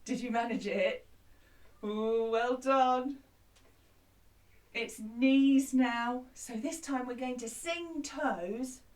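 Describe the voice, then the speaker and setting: A woman's voice: fairly high pitch, darkish tone, distant mic. A woman teaching a children's music lesson who sings an action song and cheerfully explains each step. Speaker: primary school music teacher.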